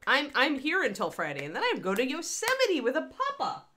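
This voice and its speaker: A woman's voice: sits high, wildly swooping pitch, brisk, sharp tone. A woman hosting a casual livestream chat, rambling along with grumbling asides. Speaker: host.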